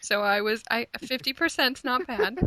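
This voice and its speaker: A woman co-hosting a podcast, chatting casually with upbeat, quick reactions. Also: fairly high pitch, sharp tone, low-quality recording. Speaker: podcast co-host. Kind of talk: casual chat.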